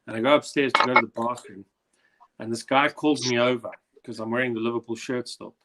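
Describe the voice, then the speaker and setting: South african guy hosting a quiz on a video call, chatty, mid voice, animated stories. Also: medium pitch, brisk. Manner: chatty, animated anecdote-telling. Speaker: quiz host. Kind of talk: casual quiz hosting and storytelling.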